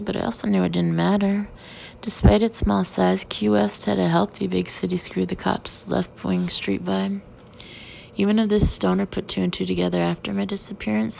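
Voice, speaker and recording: A woman narrating a first-person audiobook in a steady, measured way. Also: on the low side, gravelly. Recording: slightly dull with faint hiss.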